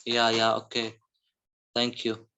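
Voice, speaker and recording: A man's voice: medium pitch, completely flat delivery, takes it slowly, creaky, sharp tone, highs cut off, slight background noise. A man, a student, giving brief polite replies.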